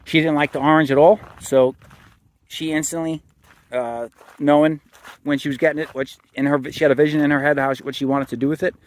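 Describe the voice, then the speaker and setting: Speaking briskly in a slightly high, steady-toned voice, a channel host walks around vlogging casually. He's an adult, married with a son, and he rambles somewhat, using fillers and restarting sentences.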